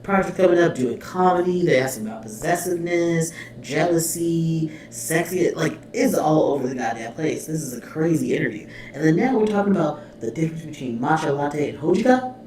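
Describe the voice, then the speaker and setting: A man hosting a casual reaction video, animated and laughing often, swearing freely as he retells an interview. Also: on the high side, moderate pace, faint music behind. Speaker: reaction channel host. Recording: echoey room, far from the mic, faint noise.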